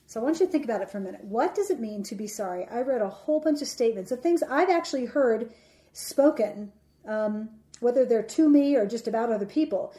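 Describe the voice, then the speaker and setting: A woman giving a reflective teaching talk about relationships, speaking in a measured, deliberate way and slowing down for emphasis. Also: a little high, expressive, mellow.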